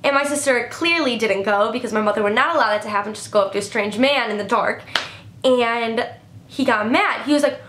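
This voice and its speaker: Young woman rambling through storytimes, high voice, lots of like, bit of room echo. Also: brisk, a bit bright, a little hiss or hum. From Illinois, USA. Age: young adult. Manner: chatty, swears a lot, heavy filler "like". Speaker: vlogger. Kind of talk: casual storytime.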